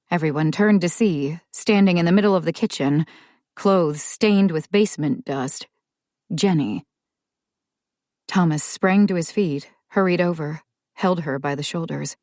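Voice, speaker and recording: A woman narrating an audiobook in a measured, calm way. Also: low voice, dry recording, studio quality.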